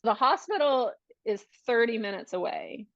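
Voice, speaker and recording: A woman's voice: on the high side, moderate pace, dry recording. A woman who is a podcast guest, telling a personal story in casual conversation and acting out the dialogue of the people in it. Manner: animated, acts out quoted dialogue. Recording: dull, dry podcast audio.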